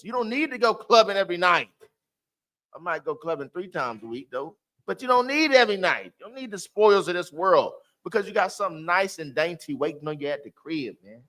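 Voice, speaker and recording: A man teaches a Bible class in loose street slang, sliding into animated, preachy exclamations. His voice sits fairly high and rings bright and forceful. He talks to the group directly and keeps the energy up. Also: fairly quick.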